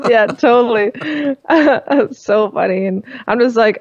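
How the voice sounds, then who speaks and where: A woman who is a singer, guesting on a podcast and telling lively stories with frequent laughter. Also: mid-range voice, a little slow, no room sound, highs cut off. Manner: lively storyteller, laughs often. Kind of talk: casual chat.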